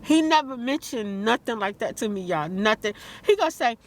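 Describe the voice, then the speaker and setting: Woman vlogger, high voice, upset and rambling rant. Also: animated, normal speed, few pauses. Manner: upset, rambling, repeats herself; outbursts of disbelief. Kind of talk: emotional vlog rant.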